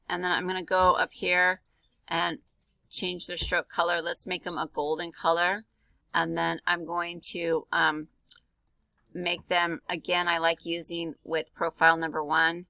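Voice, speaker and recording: A woman's voice: lowish voice, creaky, bright, forceful tone, no echo, low-quality recording. A woman art teacher talking through a drawing tutorial in a casual, chatty way, with many ums and likes. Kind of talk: screen-recorded drawing tutorial.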